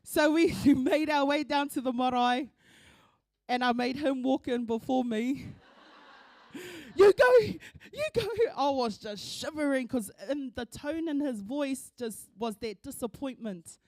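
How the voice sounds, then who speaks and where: A woman's voice: sits high, measured pace, no echo, clean studio sound. A middle-aged woman with a New Zealand accent gives an emotional eulogy in a church. She tells family stories and mixes Māori words into her talk. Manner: warm, laughing through tears, mixes in Māori words. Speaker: eulogy speaker, daughter of the deceased. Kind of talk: emotional storytelling at a funeral service.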